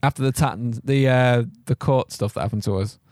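A man's voice: medium pitch, a little fast, no echo, clean studio sound. A man hosting a casual podcast chat, asking the others questions. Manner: asks questions, lively.

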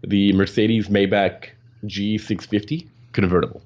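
A man with a very low voice co-hosts a casual podcast conversation. He stumbles through fillers and restarts and laughs easily. The recording is dull and lo-fi. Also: little pitch movement, a little mellow. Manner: halting, many fillers and restarts, laughs often. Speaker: podcast co-host. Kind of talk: casual chat.

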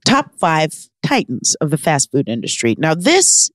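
A woman's voice: deep voice, huge pitch swings, a little slow, dry recording, clean studio sound. A woman co-hosting a podcast in casual chat, playful and bossy, swearing casually. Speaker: podcast co-host. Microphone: studio microphone.

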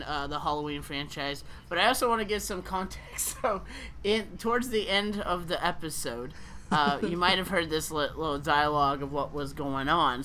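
A man's voice: on the high side, bright, forceful tone, a little hiss or hum. A man hosting a casual podcast, telling stories in a rambling way with many fillers and restarts. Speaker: podcast host.

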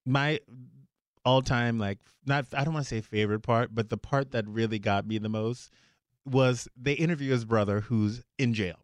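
A man guesting on a podcast, telling stories in an animated, blunt way with a touch of profanity. His voice sits in a middle pitch, and the studio sound is dry and close. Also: normal speed, clear, resonant tone, dry recording. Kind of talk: casual chat.

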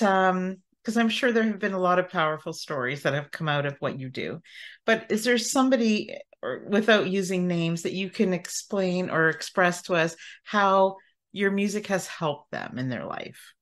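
A woman hosting a podcast interview, with a fairly low voice. She thanks her guest and asks her questions in a gentle, affirming way. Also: normal speed. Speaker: podcast host.

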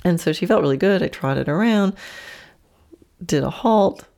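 A woman's voice: lowish voice, animated, moderate pace, gravelly, a little mellow. A woman hosting a podcast, casually telling a story, laughing often and voicing her horse's imagined thoughts. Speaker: podcast host and horse trainer.

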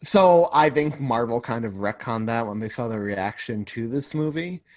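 A man's voice: medium pitch, animated, moderate pace, no echo. A man co-hosting a podcast in casual chat, talkative and full of "like" fillers. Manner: talkative, fills speech with "like". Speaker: podcast co-host.

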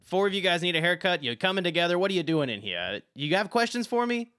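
A man voicing a brash, loud female barber who bullies her helper, with a shrill mocking tone. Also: expressive, quick pace.

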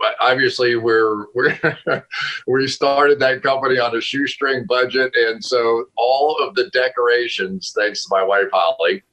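A man on a video call from home talks casually as a football analyst. His voice is bright and forceful, set a little low. He stays animated, laughs often and restarts his sentences. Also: rough recording. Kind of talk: casual storytelling interview.

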